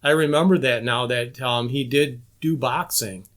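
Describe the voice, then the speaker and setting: A man's voice: mid-range voice, moderate pace, fairly bright tone. A man guesting on a podcast, telling stories about old episodes in casual chat. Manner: storytelling, enthusiastic recollection.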